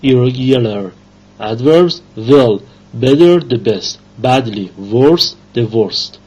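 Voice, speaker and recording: Slow husky man reading grammar. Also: mid-range voice, animated, a little mellow. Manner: slow, halting reading with fillers. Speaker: English grammar teacher. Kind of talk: reading grammar lesson aloud. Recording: dull lo-fi recording.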